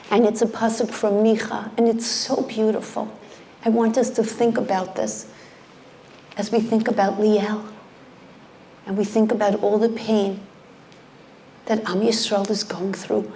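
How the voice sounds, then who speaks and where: A middle-aged woman giving an impassioned sermon, dropping into hushed whispers to stress her points. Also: mid-range voice, vocal fry, slight background noise. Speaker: speaker at a community event.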